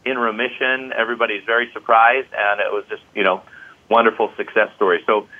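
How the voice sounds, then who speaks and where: Give me an upbeat man, a lowish voice on a tinny line. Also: level tone, brisk. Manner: enthusiastic, full of "you know" fillers. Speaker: qigong teacher. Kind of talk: interview guest.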